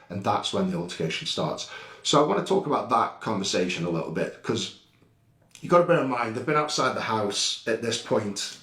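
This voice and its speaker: A man's voice: on the low side, fairly bright tone, far from the mic. A middle-aged man giving a heated, blunt first-person account of a confrontation at his home. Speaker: vlogger recounting an incident. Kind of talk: casual first-person account over CCTV footage. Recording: roomy echo, a bit off-mic.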